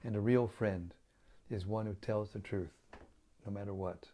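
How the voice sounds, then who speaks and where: An older man with a raspy voice, speaking as a spiritual teacher in a gentle, humble, reflective way while chatting with listeners after a devotional reading on an online call. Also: lowish voice, fairly even intonation, normal speed, a little hiss or hum.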